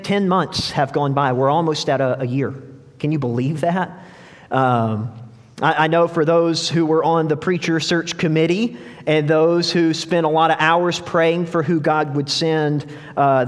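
High-voiced young pastor in a reverberant church. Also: male voice. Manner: conversational, storytelling, frequent restarts. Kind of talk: sermon. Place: church sanctuary. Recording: long hall reverb.

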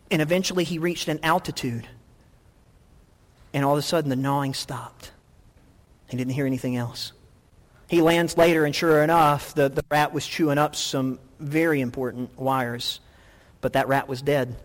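A middle-aged male pastor delivers an animated sermon, stumbling over repeated words as he builds up his point. His voice sits a little high for a man. It rings out with the long reverb of a large hall. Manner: animated storytelling with many restarts.

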